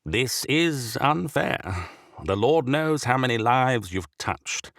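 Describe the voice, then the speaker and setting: A man voicing a loud, raspy, sickly bishop. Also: mid-range voice, lively intonation, no room sound, clean studio sound, voice pushed up. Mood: grave, weary. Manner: loud, growling, slow and heavy. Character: massive sickly old male bishop, loud, raspy, weary.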